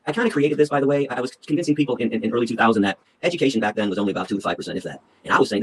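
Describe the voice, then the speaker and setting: A man in his fifties telling stories in an interview, animated and blunt, repeating words as he talks. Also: medium pitch, breathy edge, poor audio. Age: 50s. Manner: animated, blunt, fast-talking with repetitions. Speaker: activist speaker.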